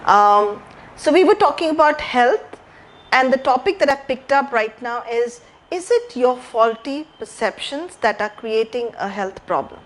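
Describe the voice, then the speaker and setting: High-voiced woman giving a health talk. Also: animated, measured pace, a little hiss or hum. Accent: Indian English. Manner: storytelling, repeats phrases, asks audience questions. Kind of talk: live educational talk. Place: library talk room.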